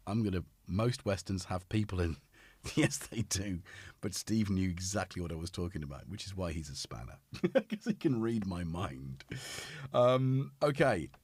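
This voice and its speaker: Streamer, middle-aged, husky voice, lively swoops in pitch, rambling chat. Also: male voice, dry recording. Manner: rambling and chatty, talks to his cat. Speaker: livestream host. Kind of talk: casual livestream chat. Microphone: studio dynamic microphone.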